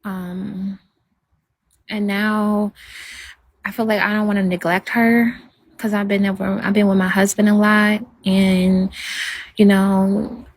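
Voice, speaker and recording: A woman chatting casually on a livestream, rambling and soft-spoken as she answers viewers' comments. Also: medium pitch, little pitch movement, slow, pauses often, dry recording.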